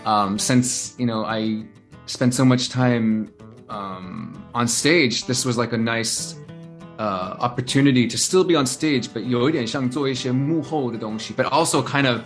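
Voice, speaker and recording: Animated male storyteller, lots of "uh". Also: medium pitch, a little slow, soft background music. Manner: animated storyteller, many fillers and restarts. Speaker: interview guest, singer-songwriter. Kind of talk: casual phone-style chat.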